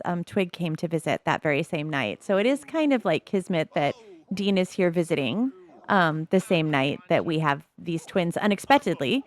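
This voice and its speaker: A woman's voice: lowish voice, no room sound. Chatty woman musing over gameplay. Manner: chatty, musing aloud with soft laughs. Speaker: gameplay commentator. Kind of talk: casual game commentary.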